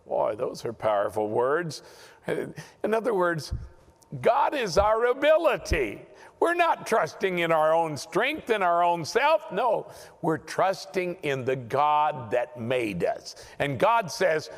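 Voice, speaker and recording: A man's voice: fairly high pitch, lively intonation, takes it slowly, long reverb tail. A man teaching a Bible lesson in sermon style, emphatic and often repeating words as he restarts.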